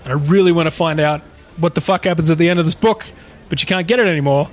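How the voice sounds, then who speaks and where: A fast-talking man with a slightly high voice co-hosts a podcast, casually retelling a paranormal story. He rambles and swears often.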